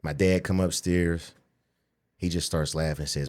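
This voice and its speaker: Man in his 40s, fairly low voice, casual podcast storytelling, profane, acts out quoted voices. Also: fairly quick. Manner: profane, animated, acts out quoted voices, frequent "you know what I'm saying". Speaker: podcast guest, pro bodybuilder.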